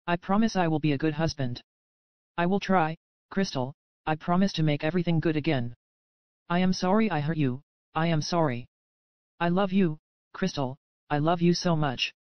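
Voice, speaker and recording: A reader voicing a remorseful, possessive young husband who pleads and apologizes through tears. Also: male voice, fairly high pitch, clean tone, no room sound, natural voice. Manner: pleading, breaking, repeating apologies. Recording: dull lo-fi audio.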